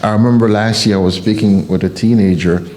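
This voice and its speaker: A man's voice: fairly low pitch, steady tone, brisk, darkish tone. A man from Haiti with a Haitian accent, giving an emphatic motivational sermon and repeating key phrases for effect. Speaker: motivational speaker.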